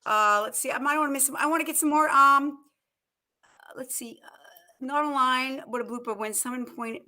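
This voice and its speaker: A woman hosting a casual live chat show, excitable, laughing often and quoting movie lines. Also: sits high, normal speed. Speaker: show host.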